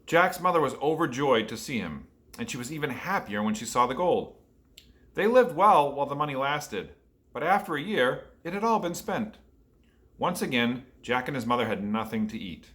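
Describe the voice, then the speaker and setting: Male storyteller reading a picture book to kids, bright and forceful. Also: medium pitch, expressive, moderate pace. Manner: asks children questions. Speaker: storyteller for children.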